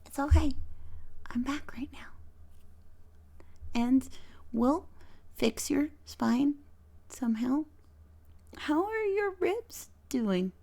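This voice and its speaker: Woman putting on a gentle young heroine, high voice, half-whispered, slow, gravelly. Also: animated, heavily acted. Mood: tender.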